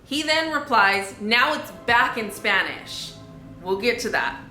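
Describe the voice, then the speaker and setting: A woman's voice: fairly high pitch, lively intonation, a little slow, bright, forceful tone, echoey room, soft background music. A young woman vlogger telling a storytime vlog in an indignant, conversational way, with many fillers.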